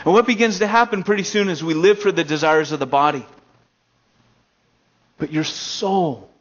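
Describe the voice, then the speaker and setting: A young American pastor tells stories from the pulpit in a casual, animated way, jumping between excited, loud asides and hushed, earnest stretches. His voice sits a little high for a man. The recording is dull and lo-fi. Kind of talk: casual storytelling sermon. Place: elementary school meeting room.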